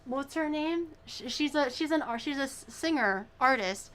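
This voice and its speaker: Woman, livestream host, casual rambling chat, exaggerated reactions, higher voice. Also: animated, normal speed, fairly bright tone. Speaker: streamer cooking live.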